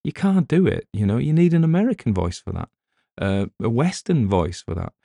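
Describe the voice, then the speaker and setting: A man's voice: mid-range voice, very animated, normal speed, creaky, warm tone, no room sound. A middle-aged man with a British accent, an audiobook narrator rambling in casual chat with wry asides.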